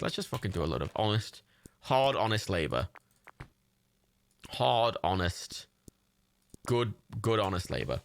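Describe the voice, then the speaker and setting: A man giving sweary, excitable running commentary while livestreaming a game. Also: lowish voice, moderate pace, vocal fry, no room sound. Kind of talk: gameplay commentary.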